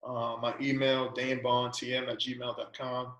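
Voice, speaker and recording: A man's voice: mid-range voice, level tone, a little slow, fairly bright tone, reverberant, rough recording. A man teaching an informal trading lesson, talking casually, tagging his points with "right?" and "you know", and asking a string of coaching questions. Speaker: trading presenter.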